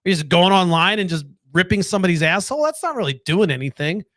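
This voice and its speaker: Guy with a highish voice ranting casually late at night, cursing, asking questions, dry close mic. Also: animated, quick pace, a bit bright, dry recording. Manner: candid, swearing, rhetorical questions. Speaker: podcast host.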